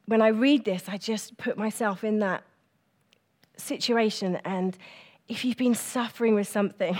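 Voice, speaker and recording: A middle-aged woman giving a personal, reflective church talk, speaking gently with pauses and fillers. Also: mid-range voice, steady tone.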